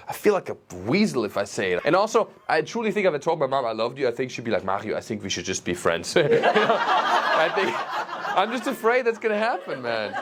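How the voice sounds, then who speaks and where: A man from Germany performing a stand-up set, telling loose, profane, self-mocking stories on a club stage. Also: on the high side. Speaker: stand-up comedian. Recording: live club with loud crowd. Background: audience laughter.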